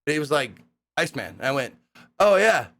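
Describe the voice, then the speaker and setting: Animated, rambling man telling stories. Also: a little high, quick pace. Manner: rambling, profane, excitable with animated quoted voices. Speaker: streamer recapping a hosting gig. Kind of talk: casual storytelling recap.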